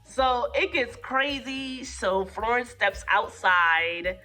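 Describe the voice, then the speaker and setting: Hoarse woman with a bright voice. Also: slow, soft background music. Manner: animated retelling, acting out lines in jumps of pitch. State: hoarse, getting over a cold. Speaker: movie reviewer. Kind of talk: casual movie review vlog.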